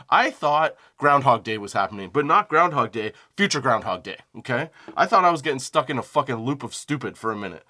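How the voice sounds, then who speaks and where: A man's voice: mid-range voice, a little fast, hardly any pauses. A young man hosting a comedy podcast, telling a rambling, profane personal story and often laughing at himself. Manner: animated quoting of phone calls. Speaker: podcast host.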